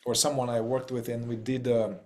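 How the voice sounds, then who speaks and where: A man's voice: mid-range voice, little pitch movement, a little fast, a little mellow. A man facilitating a group talk over a video call, casual and playful, often laughing and trailing off mid-thought.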